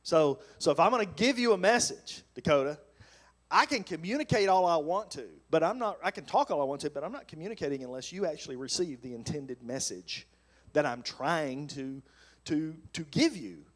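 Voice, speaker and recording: A male pastor preaching on marriage, animated and acting out sarcastic replies. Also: a little high, normal speed. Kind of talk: sermon on marriage.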